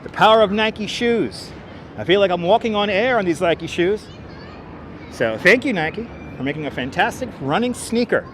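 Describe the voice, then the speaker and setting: A man live-streaming a walk through the city on a clip-on mic, chatty and playful, now and then yelling. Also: sits high, expressive, moderate pace. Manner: chatty, playful, bursts into loud yelling and sing-song calls. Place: outdoors in a city and in an elevator. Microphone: wireless clip-on mic. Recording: street noise clearly behind.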